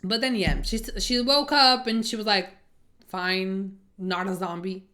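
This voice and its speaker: A young woman recapping and reacting to a TV episode in a casual, animated way, swearing and acting out the scenes. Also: mid-range voice, measured pace. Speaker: show reviewer.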